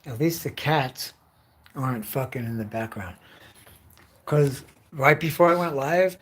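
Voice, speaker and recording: A man's voice: mid-range voice, measured pace, background noise. A young man livestreaming from home, rambling on in a loose, profane rant full of fillers.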